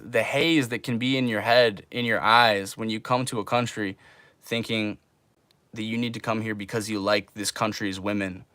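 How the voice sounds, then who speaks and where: A man's voice: medium pitch, a bit bright, no echo. A young man chatting casually on a livestream, laid-back and drawling, calling people man and bro.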